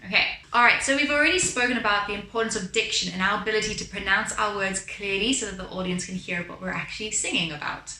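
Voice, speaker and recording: A woman's voice: medium pitch, fast, hardly any pauses, pushed and bright, slight background noise. A woman as a vocal coach leading a beginner singing lesson, demonstrating exercises and overpronouncing her words. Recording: roomy with piano behind.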